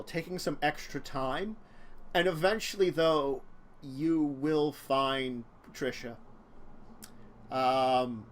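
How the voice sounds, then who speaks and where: A man's voice: fairly high pitch, a little hiss or hum. A man narrating as game master, describing scenes with many fillers and hesitations.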